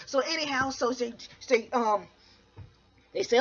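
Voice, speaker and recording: A woman hosting a podcast, telling a comic story in a rambling way, looping back with "so anyway" and jumping into quick voiced quotes. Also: high-pitched. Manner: rambling, keeps restarting with "so anyway". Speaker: podcast host. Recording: dull lo-fi recording.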